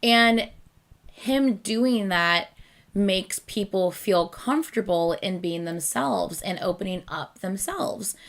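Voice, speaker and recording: A woman's voice: medium pitch, lively intonation, slow pace. A woman hosting a reaction video, talking casually and rambling with lots of fillers, often laughing at herself. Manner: chatty, rambling with many fillers; self-deprecating, laughs often.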